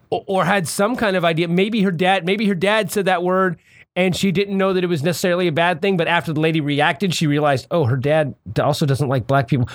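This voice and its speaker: A man's voice: high voice, no room sound. A man in a casual podcast argument, swearing a lot and restarting his sentences as he pushes his point. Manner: profane, animated, stammering restarts. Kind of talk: casual debate chat.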